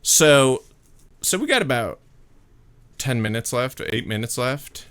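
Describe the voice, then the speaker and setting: A man's voice: medium pitch, expressive, unhurried, fairly bright tone, clear, resonant tone. A man co-hosting a casual live stream, telling stories in an easygoing way. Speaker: co-host of a live-streamed comedy show. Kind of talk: casual chat.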